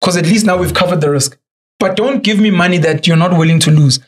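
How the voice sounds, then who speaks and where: A young South African man with a high voice speaks fast. A podcast guest and entrepreneur, he tells stories casually and animatedly, acting out the voices of the people he quotes.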